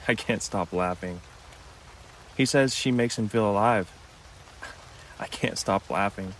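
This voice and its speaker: Low-voiced man narrating scary stories. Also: a little hiss or hum, low-quality recording. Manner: measured, low-key storytelling. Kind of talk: scripted horror story narration. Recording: music clearly behind the voice.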